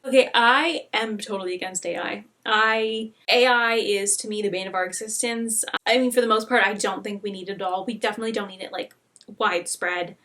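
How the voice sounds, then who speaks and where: A woman hosting a video, reacting earnestly to a viewer's story and sometimes dropping into a breathy whisper. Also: mid-range voice, steady tone, a little fast, a bit bright. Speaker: host reacting to viewer stories. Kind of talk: casual commentary.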